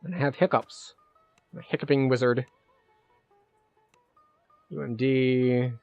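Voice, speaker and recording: Streamer: a man, casual running commentary while he plays, middle pitch, faint game music. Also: fairly even intonation, measured pace, no echo, highs cut off. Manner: casual, chatty, thinks out loud with fillers. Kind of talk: live-stream gameplay commentary.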